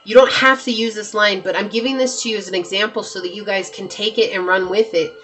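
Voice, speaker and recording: A woman's voice: medium pitch, fairly even intonation, fast, a bit bright. Emphatic woman giving a tarot reading. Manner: emphatic, repeats herself, talks straight to viewers. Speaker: tarot reader. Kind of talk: pick-a-card tarot reading.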